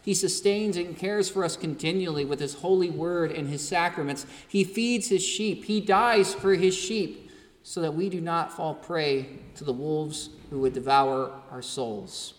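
A male pastor delivering a sermon in a measured preaching cadence, building lists and rhetorical questions. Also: fairly high pitch, long reverb tail.

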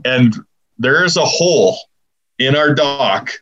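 A man co-hosting a casual podcast, talking hockey in an easygoing, halting way with many fillers. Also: mid-range voice, expressive, a bit bright, lo-fi sound. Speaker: podcast co-host.

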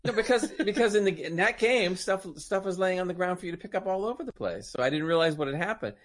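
Dude talking super fast, slightly high voice, defending himself, laughing along. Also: male voice, lively intonation. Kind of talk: casual chat.

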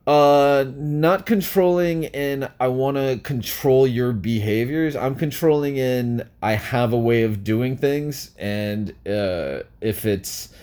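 A man co-hosting a casual podcast with his partner, talking in halting bursts with many fillers and restarts. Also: medium pitch, a little mellow. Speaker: podcast co-host. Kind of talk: casual couple chat.

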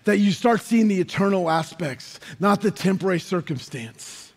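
A man preaches with a high, ringing voice, his words trailing off into the long echo of a large hall. He is fervent, rising often to shouted emphasis. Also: lively intonation, moderate pace, vocal fry. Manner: impassioned, building to shouts. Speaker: pastor. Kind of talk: sermon.

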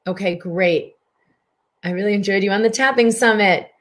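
A woman's voice: mid-range voice, moderate pace, a bit bright. A middle-aged woman physician hosting a live stream, chatty, greeting viewers by name as she guides a wellness session.

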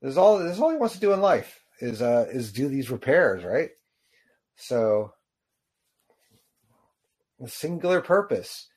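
A man giving casual reaction commentary on a short film, rambling and halting with lots of fillers. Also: medium pitch, big pitch swings, a little mellow. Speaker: video reactor.

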